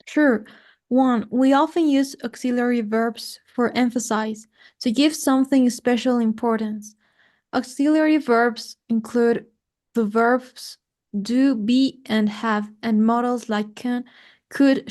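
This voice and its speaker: A woman's voice: fairly high pitch, takes it slowly. Woman student reading aloud carefully. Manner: careful, steady reading with small slips. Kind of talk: reading a grammar text aloud.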